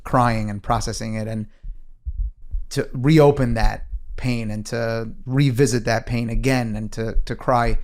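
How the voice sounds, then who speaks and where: A man's voice: mid-range voice, steady tone, measured pace, darkish tone. A man co-hosting an interview, speaking reflectively and unhurriedly, with touches of faith. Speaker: podcast co-host.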